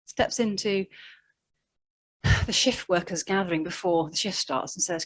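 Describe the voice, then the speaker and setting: Woman preaching with lively storytelling. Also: on the low side, a little slow. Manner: animated storytelling, acting out quoted voices. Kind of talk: sermon.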